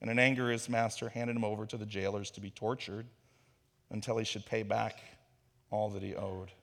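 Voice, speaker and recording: A man preaching a sermon, telling a parable with animated storytelling and bits of acted dialogue. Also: fairly low pitch, brisk. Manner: animated storytelling, acts out Peter's voice. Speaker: pastor. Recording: long hall reverb.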